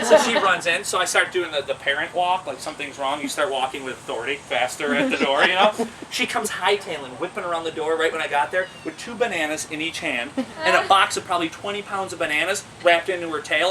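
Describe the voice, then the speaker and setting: A man who runs an exotic animal business and handles the animals himself shares animated, casual anecdotes, laughing and acting out quoted voices. He speaks fast in a slightly high voice; crowd noise and air-conditioning hum come through a distant mic.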